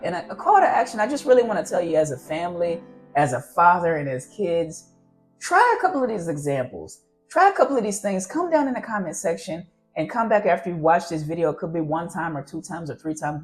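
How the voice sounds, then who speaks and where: Fast-talking, lively man giving fatherly advice. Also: on the high side. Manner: rambling, earnest, encouraging. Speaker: fatherhood vlogger. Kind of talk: casual advice talk to camera.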